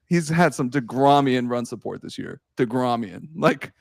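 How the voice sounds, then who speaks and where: A young man hosting a casual sports podcast, excitable and quick to swear and laugh. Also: mid-range voice, vocal fry, dry recording, clean studio sound. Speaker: podcast host.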